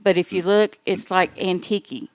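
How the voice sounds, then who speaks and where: A woman's voice: fairly low pitch, steady tone, normal speed, smooth, no room sound. A woman co-hosting a morning show, easygoing and laughing along in casual chat. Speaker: guest co-host.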